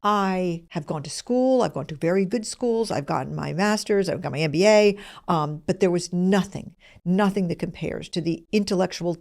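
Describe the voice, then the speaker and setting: A woman's voice: lowish voice, normal speed, creaky, darkish tone. A middle-aged woman who hosts the show, telling a personal story in a candid, self-deprecating way. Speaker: host.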